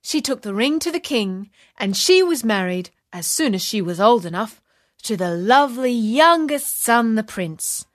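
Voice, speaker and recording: A woman reads a children's fairy tale aloud, slow and deliberate. Her voice sits a little high and sounds dry and close. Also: no echo. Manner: slow, expressive storybook narration. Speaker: storyteller. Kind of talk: children's story reading.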